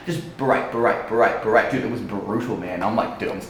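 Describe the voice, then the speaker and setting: A man's voice: fairly low pitch, brisk, hardly any pauses, slight background noise. A young man, a dating coach, telling a story casually in a blunt, profane way. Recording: echoey room.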